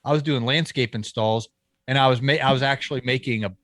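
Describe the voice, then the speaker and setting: A man, a landscaping business owner, telling a story as a podcast guest, lively and acting out the people he quotes, with frequent restarts. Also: medium pitch, a little fast, no echo, clean studio sound. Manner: animated storyteller who acts out quoted dialogue. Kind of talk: casual storytelling interview.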